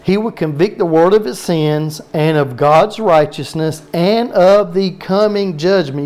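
A man's voice: on the high side, a little mellow. Folksy Southern man preaching. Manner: folksy, drawn-out words, asks the room questions. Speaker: pastor. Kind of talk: sermon.

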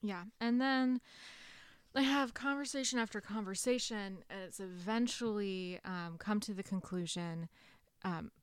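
A young woman co-hosting a podcast, calmly filling in plot details in casual chat about a book. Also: mid-range voice, measured pace, clear, resonant tone, no echo. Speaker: podcast co-host.

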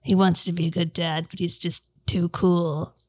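A woman player on a tabletop podcast, joking in an unhurried way. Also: fairly low pitch, flat delivery, dry recording. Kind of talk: casual podcast chat.

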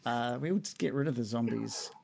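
A man narrating a tabletop role-playing game as game master, in a relaxed, hesitant way with many fillers. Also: medium pitch, normal speed, creaky.

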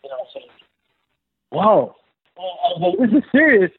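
A man telling an animated, filler-heavy story about his acting career, slipping into the voices of the people he quotes. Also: sits high, unhurried, breathy edge, no room sound. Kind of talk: casual storytelling interview. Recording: dry, phone-like narrow sound.

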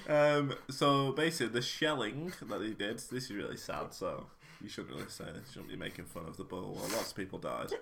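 A man's voice: on the low side, a little fast, gravelly, hardly any pauses, fairly bright tone, slight background noise. A man hosting a podcast in a casual, chatty way. He reads out history facts, jokes around and often trips over his words. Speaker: podcast host.

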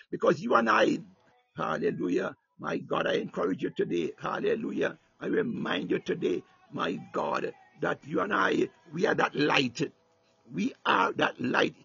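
A man's voice: on the high side, creaky, pushed and bright, husky, muffled recording. A man preaching a sermon with fervor, repeating "my God" and "hallelujah" between phrases and breaking into tongues.

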